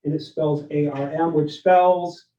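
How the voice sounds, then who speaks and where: Man, middle-aged, keynote workshop speaker, mellow tone, dull lo-fi room sound. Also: on the high side, a little slow. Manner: energetic, storytelling, keeps asking the audience "right?". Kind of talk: live leadership workshop talk. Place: event room with live and online audience. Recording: roomy, distant, dull lo-fi sound.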